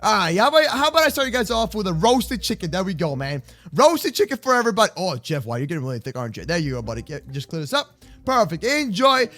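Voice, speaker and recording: A young man hosting a Minecraft roleplay, talking in an excitable, jokey way with lots of restarts. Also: sits high, quick pace, soft background music. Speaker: roleplay host.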